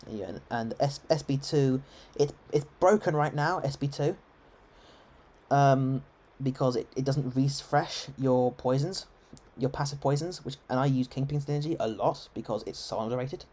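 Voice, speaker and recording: Casting: English RP man, mid-pitched, rambling streamer commentary, lots of ums. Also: moderate pace, darkish tone. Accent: English, received pronunciation. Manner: chatty, rambling, many ums and restarts. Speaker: game streamer. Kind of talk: live gameplay commentary.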